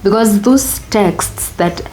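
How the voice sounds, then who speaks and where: A woman's voice: mid-range voice, takes it slowly, dark tone, slight background noise. A young woman with a Kenyan accent, telling her own story as an interview guest, candid and reflective, slipping Swahili phrases into her English.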